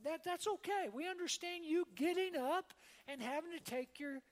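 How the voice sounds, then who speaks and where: High-voiced woman preaching in a reverberant church. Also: normal speed. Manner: conversational preaching, often checking in with "all right?" and "amen?". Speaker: pastor. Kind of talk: sermon. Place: church sanctuary.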